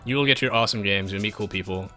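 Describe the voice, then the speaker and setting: A man's voice: on the low side, racing, bright, forceful tone, faint music behind. A man live-streaming a strategy game, chatting with viewers in a self-mocking, rambling way with lots of restarts.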